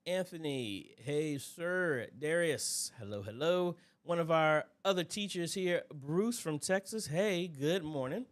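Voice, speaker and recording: A man hosting a casual livestream Q&A, greeting viewers by name in a relaxed, chatty way. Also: mid-range voice. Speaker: livestream host.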